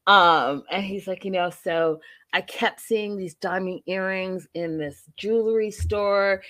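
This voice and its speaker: A woman's voice: medium pitch, unhurried. A woman hosting a reality TV recap show, chatting casually and acting out the cast's lines with lots of expression. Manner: animated, acts out the cast's lines, laughs often.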